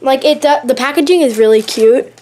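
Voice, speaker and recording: A high, bright-pitched woman talks through a casual show-and-tell vlog. She is chatty and gushing, leaning on "like" and repeating "really, really." She films on a handheld camera that shakes at times. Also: a little fast, slight background noise. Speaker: YouTube vlogger showing her collection. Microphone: handheld camera, shaking at times.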